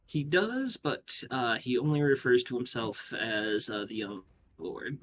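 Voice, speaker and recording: A man narrating as game master in a tabletop game, pausing often with "uh". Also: medium pitch, lively intonation, a bit bright, a little hiss or hum. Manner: narrates with frequent "uh" pauses.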